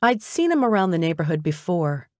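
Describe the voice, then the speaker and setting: A woman reading a first-person audiobook in an expressive, conversational way. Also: on the low side, a little fast, no room sound, studio quality. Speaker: audiobook narrator.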